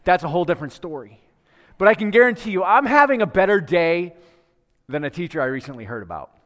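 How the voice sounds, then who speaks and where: A man's voice: high voice, big pitch swings, fast, a bit bright, in a large hall. A male pastor preaching to a live congregation in a church, praying, telling a story and asking the people questions in a conversational way. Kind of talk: sermon with prayer and storytelling.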